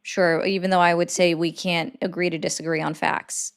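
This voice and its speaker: A woman's voice: on the low side, level tone, moderate pace, clean tone. A woman commentator arguing politics, pressing her points with persistent, repeated questions. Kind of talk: heated political debate.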